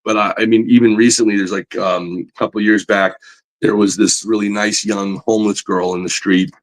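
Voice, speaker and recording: A man's voice: fairly low pitch, moderate pace, rough recording. A man in casual podcast conversation, telling stories animatedly with lots of "you know" fillers. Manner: animated storyteller, voice climbs when excited. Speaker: comic book artist guest.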